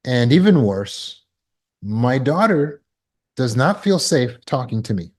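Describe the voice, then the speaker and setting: A man's voice: medium pitch, very animated, slow, a little mellow. A man teaching a trauma recovery class over a video call, in an earnest way, acting out short scenes to make his points. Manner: earnest, acts out scenes with bursts of alarm. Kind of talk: teaching talk with acted examples.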